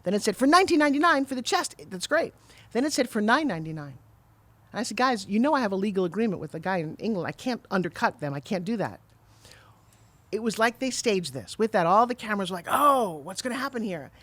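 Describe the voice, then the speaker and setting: A middle-aged woman telling her story as a guest on an interview podcast, animated and acting out the quotes. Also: mid-range voice, dry recording. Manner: fast, animated storyteller who acts out quotes. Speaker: guest, TV pitch saleswoman.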